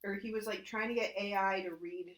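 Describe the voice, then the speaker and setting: A woman comedian, a guest on a podcast, telling stories in casual chat with animated delivery. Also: mid-range voice, brisk, poor audio. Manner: animated storytelling, laughing.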